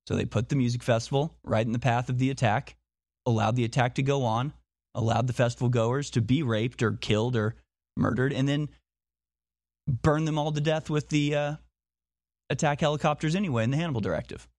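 A man's voice: mid-range voice, fairly quick, darkish tone, dry recording, clean studio sound. A man talking in a monologue, insistent, firing off repeated rhetorical questions and often restarting his sentences. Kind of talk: monologue commentary.

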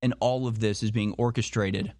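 A man's voice: fairly low pitch, steady tone, normal speed, a little mellow, no echo. Insistent man, dry close sound. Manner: insistent, repeating rhetorical questions; restarts and stumbles often. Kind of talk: monologue commentary.

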